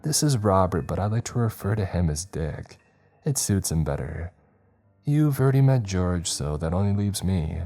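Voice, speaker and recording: A man's voice: low voice, expressive, normal speed, gravelly, warm tone, exaggerated voice. A man voicing a blunt young woman patient who teases and scolds. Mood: teasing.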